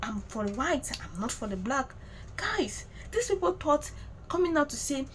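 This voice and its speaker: A woman's voice: high-pitched, big pitch swings, moderate pace, a little hiss or hum, rough recording. A woman giving emphatic news commentary as a vlog host, repeating points and adding mocking asides. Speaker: vlogger host. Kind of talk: animated news commentary to camera.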